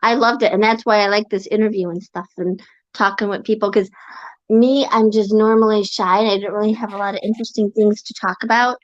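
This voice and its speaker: A woman hosting a casual interview, soft-spoken and a bit hesitant with restarts. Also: medium pitch, steady tone, a little fast, no room sound. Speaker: interviewer host. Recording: dry, muffled lo-fi sound.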